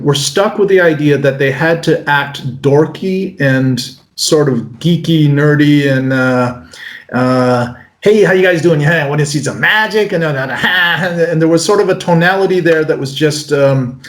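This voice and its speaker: Man in his forties, from North America, animated, fairly high voice. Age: 40s. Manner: animated, breaks into mock voices. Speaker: magician guest. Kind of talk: casual interview answers. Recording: roomy echo.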